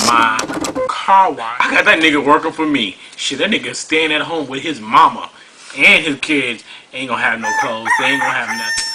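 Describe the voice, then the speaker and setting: A man's voice: on the high side, background noise. A man putting on a sassy, brash woman. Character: brash woman cashing in on child support.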